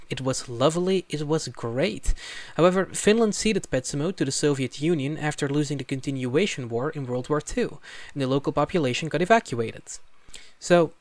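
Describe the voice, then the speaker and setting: Guy doing a scripted language explainer, kinda high pitched, jokey asides, no room echo. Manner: wry, casual asides with sudden emphatic jumps. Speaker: language video creator. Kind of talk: scripted educational narration.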